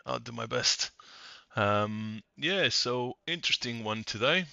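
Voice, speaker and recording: Slow-talking male sim racing streamer. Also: medium pitch, creaky, no room sound, lo-fi sound. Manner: chatty, greets viewers by name; talks while concentrating on driving. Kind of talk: live-stream chat while racing. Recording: game stream with loud background music. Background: music in the background.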